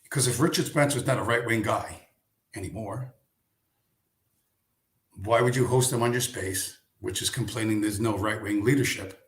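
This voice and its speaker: A man's voice: on the low side, normal speed, pauses often, roomy sound. A man hosting a live stream, ranting in a casual way, sarcastic and profane, firing off rhetorical questions.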